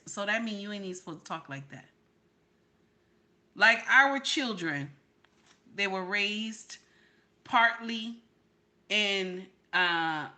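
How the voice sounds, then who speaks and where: Woman host, bright and forceful tone, emphatic, repetitive reaction commentary. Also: mid-range voice. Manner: emphatic, repeats "okay?" to drive points home; talks to her chat directly.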